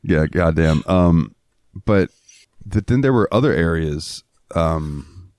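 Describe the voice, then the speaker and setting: A man's voice: sits low, animated, takes it slowly, a little mellow, no echo, studio quality. A man from Florida co-hosting a podcast, telling rambling, profane stories in casual chat. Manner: profane, rambling, acts out quotes in raised voices. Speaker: podcast co-host.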